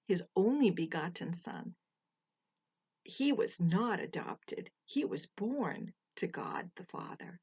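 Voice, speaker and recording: An older woman teaching a Bible verse to children, slow and deliberate, pausing so they can repeat after her. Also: mid-range voice, a little mellow, slightly rough. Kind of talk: slow, gentle children's lesson.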